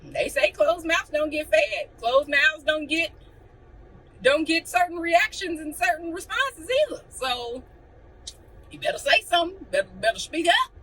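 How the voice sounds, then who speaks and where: Young woman, blunt, animated, bright voice, faint room noise. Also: extremely high pitch, measured pace, far from the mic, rough recording. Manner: blunt, animated, acts out quotes. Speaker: vlogger. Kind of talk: casual chat to camera.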